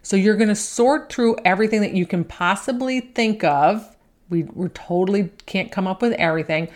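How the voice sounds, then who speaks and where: A woman coaching golfers on their thinking, talking in a relaxed conversational way and often checking in with "right?". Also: on the low side. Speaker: golf mental coach. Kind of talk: instructional talk.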